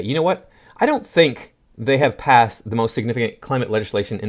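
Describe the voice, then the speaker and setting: A man of medium pitch hosts a commentary show. He reads posts aloud and answers each one in a dry, scoffing, sarcastic tone. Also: expressive, a little fast. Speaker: political commentary host. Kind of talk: reading and reacting to posts.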